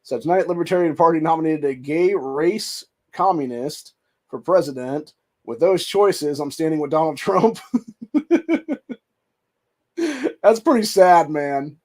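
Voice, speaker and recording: A man's voice: a little high, a little slow, long pauses, darkish tone. A man hosting a political commentary show, reacting to clips with a profane, contemptuous rant. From United States. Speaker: host.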